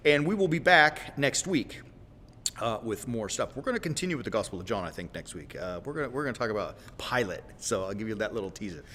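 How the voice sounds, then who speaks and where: A man's voice: lowish voice, animated, fast talker, bright, forceful tone, a little hiss or hum. A man hosting a Christian livestream, preaching informally in a folksy, direct way and often stopping to correct himself and apologize. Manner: rambling, self-correcting, apologetic asides; folksy, direct, with repeated "right?". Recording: long reverb in a roomy space.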